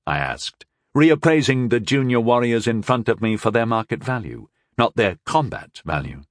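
A man narrating a first-person fantasy audiobook with wry, lively storytelling. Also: medium pitch, moderate pace, few pauses, dry recording, studio quality.

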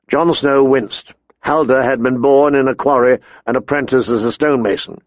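A man reading an audiobook in a measured, steady storytelling manner. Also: medium pitch, no echo, dull audio. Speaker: narrator. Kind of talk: audiobook narration.

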